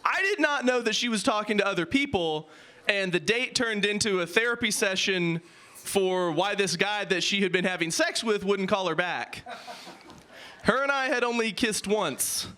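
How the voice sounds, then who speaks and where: A man doing improvised stand-up comedy, riffing quickly and self-deprecatingly with the crowd on audience-suggested topics. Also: high voice, lively intonation, bright, forceful tone.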